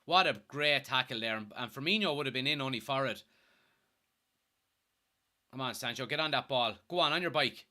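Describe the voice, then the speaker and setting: A young man hosting a live fan watchalong, giving excitable, partisan commentary and reading out chat. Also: mid-range voice, moderate pace, long pauses. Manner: excitable, partisan, swears when thrilled.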